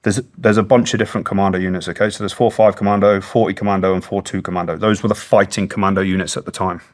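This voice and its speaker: Earnest, low-voiced British man. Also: little pitch movement, fast. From Britain. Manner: earnest and plain-spoken, swears freely. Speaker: guest, former special forces soldier. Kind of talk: long-form interview storytelling.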